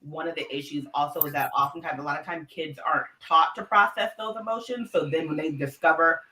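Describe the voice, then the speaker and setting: A woman's voice: low-pitched, a little fast, bright, forceful tone, low-quality recording. A woman co-hosting a casual podcast chat, explaining her views earnestly and at length. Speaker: podcast co-host.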